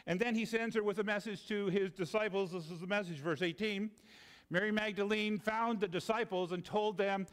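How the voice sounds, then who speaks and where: A man preaching in a church sanctuary, his voice sitting a little higher than most men's. He shifts between lifted retelling and sudden low, quiet emphasis, stumbling and repeating words as he talks. A long reverb hangs behind every phrase. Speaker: pastor. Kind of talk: sermon.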